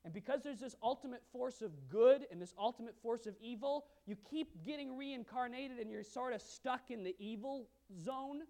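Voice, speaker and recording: A male pastor preaching a sermon, asking the audience questions and swinging from quiet asides to loud emphasis. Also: very high voice.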